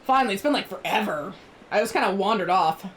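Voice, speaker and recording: A woman's voice: mid-range voice, animated, fast, slight background noise. A woman streamer chatting playfully while she plays a game and reads its text aloud. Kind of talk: casual gameplay commentary.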